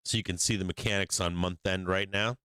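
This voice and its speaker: Brisk and forceful, this man's low, bright voice is clear and resonant, with fairly even intonation, in a dry recording. Hosting a live stock market stream while suffering hiccups, he rambles casually and profanely, restarts often, and drifts away from the mic while working his charts.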